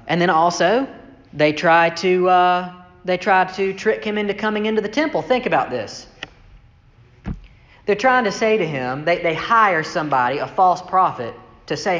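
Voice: normal speed, a bit bright. A preacher talks through a scripture passage in a casual, questioning way, acting out each quoted voice. The sound is muffled and lo-fi, caught in a big echoey hall with a long, lingering reverb. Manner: conversational, asks rhetorical "right?" questions; acts out quoted speech with shifts in pitch. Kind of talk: sermon, reading scripture and explaining it.

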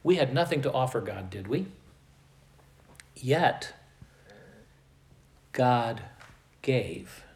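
Slow, emphatic preaching comes from a Midwestern American pastor with a medium-pitched, slightly mellow voice and lively intonation. The room sounds spacious, and his volume rises and subsides throughout the sermon.

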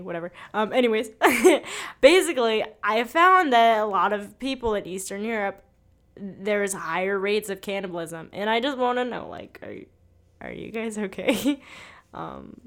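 A young woman hosting a podcast in casual chat, joking and excitable, with lots of fillers. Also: medium pitch, moderate pace. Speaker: podcast host.

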